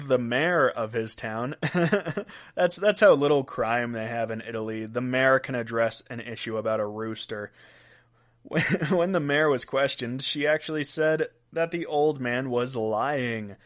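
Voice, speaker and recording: A man hosts a podcast of odd news, talking casually through each story. He breaks into laughs at his own jokes, and his voice sits at an ordinary middle pitch. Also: fairly bright tone. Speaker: podcast host.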